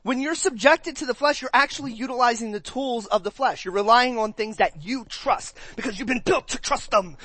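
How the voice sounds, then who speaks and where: With a medium-pitched voice carrying a breathy edge, a pastor preaches conversationally to a church, quizzing the congregation and animatedly performing their reactions in quick put-on voices.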